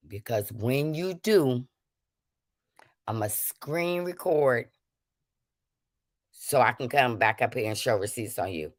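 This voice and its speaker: A woman's voice: rumbling low, animated, slow, long pauses, no echo, studio quality. Confrontational woman ranting on a livestream. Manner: confrontational, calling people out; preachy, invoking prayer and forgiveness. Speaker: livestream host. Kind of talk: ranting livestream talk to chat.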